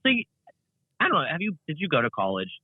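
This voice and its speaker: A young male content creator, appearing as a guest in a casual interview over a remote call, rambles along with plenty of fillers and restarts. His fairly high voice swings enormously in pitch and moves at a quick pace. The tinny, phone-like line carries no echo at all.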